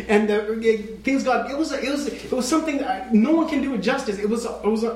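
A man preaching a sermon in a dramatic way, dropping to a hush and then rising toward a shout. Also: extremely high pitch, moderate pace, roomy sound, rough recording. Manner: dramatic, swings from hushed to shouting.

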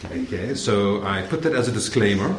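A young man with a South African accent preaches a sermon as a guest preacher in a church sanctuary, joking and friendly with the congregation. His voice sits on the low side with lively intonation and a moderate pace, and the recording has roomy church sound with faint noise.

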